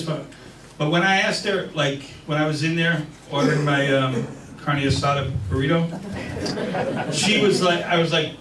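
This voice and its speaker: A man's voice: a little high, normal speed. Male event host, casual introductions; echoey hall, far mic. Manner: chatty, warm introductions, a bit emotional. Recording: echoey hall, crowd noise, distant mic.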